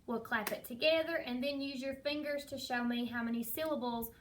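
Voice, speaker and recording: A woman kindergarten teacher giving a recorded lesson to young children in slow, patient, sing-song teacher talk. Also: sits high, fairly bright tone, a little hiss or hum. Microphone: iPad camera.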